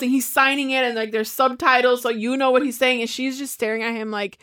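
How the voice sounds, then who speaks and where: Woman, casual chat, lively movie retelling, curses freely, fairly high voice. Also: fast talker, few pauses. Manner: animated storyteller, swears freely, acts out quotes.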